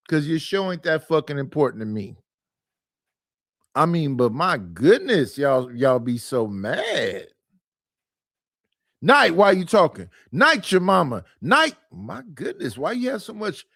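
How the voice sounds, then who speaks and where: A man's voice: on the high side, big pitch swings, slow pace, long pauses, fairly bright tone, no echo, studio quality. Exasperated man ranting on a livestream. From Oakland, California. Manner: exasperated, rhetorical, profane. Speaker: livestream host. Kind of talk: casual livestream rant. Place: his living room.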